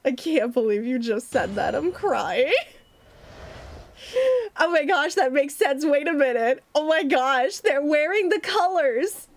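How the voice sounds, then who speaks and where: Young female streamer, high-pitched, excitable, unhurried playthrough chat. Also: no room sound. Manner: giggly, excitable reactions. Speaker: VTuber streamer. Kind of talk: casual gameplay commentary.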